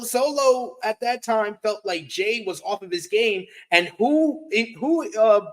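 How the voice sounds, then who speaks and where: A man's voice: sits high, a bit bright. A man co-hosting a casual review show, recapping events in a conversational way. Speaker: podcast co-host. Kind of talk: casual wrestling review chat.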